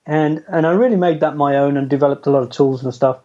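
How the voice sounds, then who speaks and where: A man's voice: fairly high pitch, quick pace. A middle-aged man telling his career story as an interview guest, chatty and self-deprecating, laughing often. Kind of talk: casual storytelling. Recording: dull lo-fi audio.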